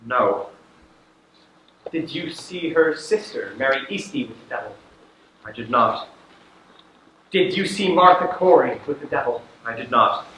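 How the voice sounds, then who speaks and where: A teenage actor on a school stage playing an anguished, proud farmer, impassioned and breaking into shouts. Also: male voice, mid-range voice, expressive, measured pace, long pauses, slight background noise. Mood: stubborn. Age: late teens. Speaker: student actor. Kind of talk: stage acting in a school play. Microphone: distant camera in the audience. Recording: echoey hall from far off.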